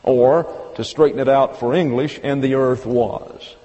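A man teaching an evening Bible lesson, explaining step by step and slowing down to read quotes with emphasis. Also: medium pitch, fairly even intonation, dark tone, muffled recording. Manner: methodical, step-by-step explaining, slow emphatic quoting. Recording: long hall reverb.

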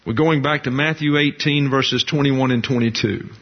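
A man preaching a sermon, teaching slowly and deliberately with emphatic repetition and pauses. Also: mid-range voice, fairly even intonation, muffled recording. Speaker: pastor.

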